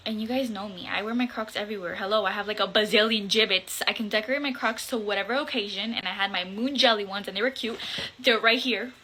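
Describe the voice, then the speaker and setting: A young woman vlogger telling a storytime, animated and blunt, swearing casually and dropping Spanish words into her English. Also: medium pitch, quick pace, slight background noise, low-quality recording. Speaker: content creator. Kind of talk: storytime vlog.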